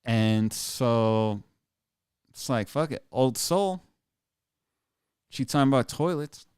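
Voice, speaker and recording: A man's voice: mid-range voice, lively intonation, slow pace, darkish tone, clean tone, no echo, clean studio sound. A man in his thirties telling a rambling, crude story on a live stream, casual and self-amused. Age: 30s.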